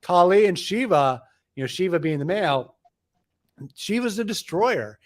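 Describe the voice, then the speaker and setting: A middle-aged man, an author, explaining things in a lively, discursive way with frequent restarts. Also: high voice, normal speed. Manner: animated storyteller, frequent restarts. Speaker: author, interview guest. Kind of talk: conversational explaining.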